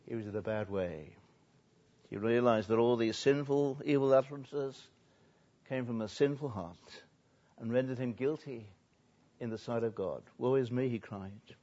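An older man, a pastor, preaching a sermon, swinging between soft and loud and drawing out words for emphasis. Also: medium pitch. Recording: dull lo-fi recording.

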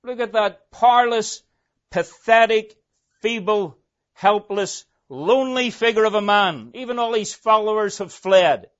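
A man's voice: sits high, a little slow, voice pushed up. A man preaching, voicing an exasperated male Roman governor who scornfully pleads with a crowd. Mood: exasperated pleading. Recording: dull lo-fi recording.

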